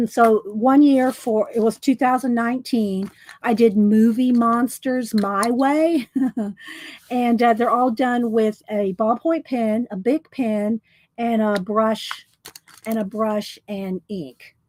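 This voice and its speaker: A woman's voice: fairly high pitch, steady tone, slow pace, darkish tone, rough recording. A woman chatting casually and rambling while she flips through her artwork, a little out of breath. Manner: chatty, rambling, says y'all. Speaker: artist vlogger.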